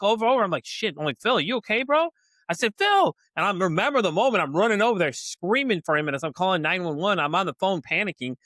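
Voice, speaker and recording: A fast-talking middle-aged man tells a story on a podcast, circling back with lots of fillers and acting out the quotes. His voice is bright and a little high, and it sits close and dry in the recording. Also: no echo. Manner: rambling, lots of "you know" and "like", acts out quotes. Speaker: podcast host. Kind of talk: casual storytelling chat.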